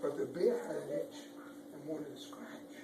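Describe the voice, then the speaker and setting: A man reading a picture book aloud to children, animated, pointing out pictures and making sound effects. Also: a little high, a little slow, creaky. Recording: echoey room, far from mic, background noise.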